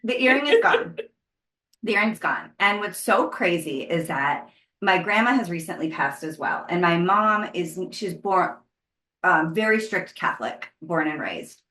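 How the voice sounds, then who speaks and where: A woman co-hosting a podcast, telling a long personal story in casual chat and acting out her own panic in sudden high bursts. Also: lively intonation, measured pace, bright, forceful tone, echoey room. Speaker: podcast co-host.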